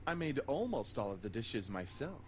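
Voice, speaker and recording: A man's voice: mid-range voice, sing-song, normal speed. A man playing a flirtatious incubus charmer. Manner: smooth, teasing, flirtatious.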